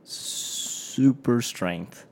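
A man co-hosting a casual podcast, teasing the others with quick deadpan quips. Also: medium pitch. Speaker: podcast co-host. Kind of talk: casual chat.

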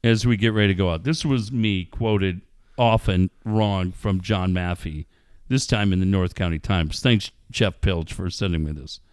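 A man's voice: deep voice, normal speed, clean tone, dry recording, clean studio sound. A man who hosts sports radio, casually telling a profane story and acting out quotes. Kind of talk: casual podcast banter.

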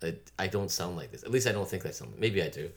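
Male podcast co-host, low voice, hesitant and chuckling. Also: expressive, fast talker. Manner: laughing, hesitant, lots of filler "uh"s. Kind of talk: casual podcast chat.

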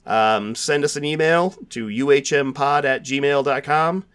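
A man's voice: medium pitch, unhurried, a bit bright, clear, resonant tone. A man hosting a podcast, chatting casually with lots of fillers and restarts. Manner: rambling, filler-heavy, frequent restarts. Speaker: podcast host.

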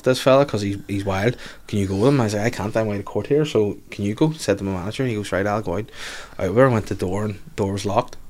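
A man telling a work story in casual chat, swearing and laughing as he goes. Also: on the low side. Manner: quick, sweary, laughs through stories.

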